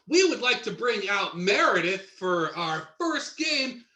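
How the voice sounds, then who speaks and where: Teasing male improviser, very bright, lively pitch. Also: unhurried, echoey room. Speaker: improv performer. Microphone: video call.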